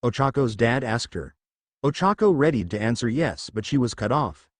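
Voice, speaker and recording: Reading fan fiction aloud, a man narrates plainly but with lively, shifting intonation. His mid-range voice keeps a normal speed, recorded close and dry with no room sound.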